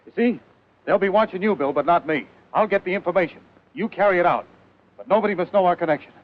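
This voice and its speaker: A man playing a quick, sly newspaper editor. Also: sits high, natural voice. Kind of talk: 1940s film serial acting. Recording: tinny thin old film soundtrack.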